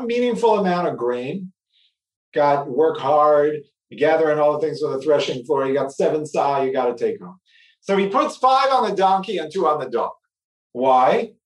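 Animated male teacher walking a class through a text; lively delivery, roomy distant sound. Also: fairly high pitch. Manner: animated, acts out the story, asks "right?" often. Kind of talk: text study lecture. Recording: roomy echo, speaker away from mic.

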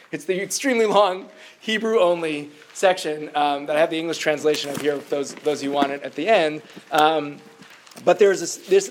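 A man with a fairly high-pitched voice teaching a class. He explains in a chatty, animated way, often pausing on fillers and restarting his sentences. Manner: lively, chatty, with many fillers. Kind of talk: lecture with questions from the class.

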